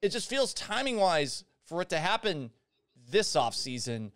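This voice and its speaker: Smooth-voiced man hosting a podcast. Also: high voice, very animated, a bit bright, no echo, studio quality. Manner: measured, probing questions. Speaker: podcast host. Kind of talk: casual podcast interview.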